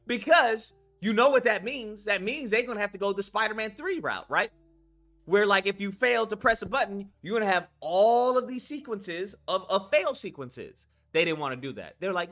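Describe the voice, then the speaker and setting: A man ranting in casual chat, reading chat comments aloud, animated and profane, repeating himself for emphasis. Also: sits high, moderate pace, soft background music. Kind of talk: heated casual rant.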